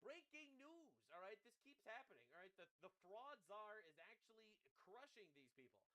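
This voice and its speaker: Male streamer, sarcastic and profane, animated and bright. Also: high-pitched. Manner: sarcastic, profane, quick to laugh. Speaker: live streamer. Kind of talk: live-stream commentary.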